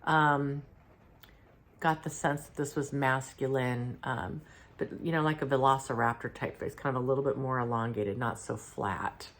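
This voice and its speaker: Very deep-voiced middle-aged woman. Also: fairly even intonation. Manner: halting and reflective, with many fillers and restarts. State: unwell, clearing her throat. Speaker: spiritual channeler and host. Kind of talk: casual first-person account.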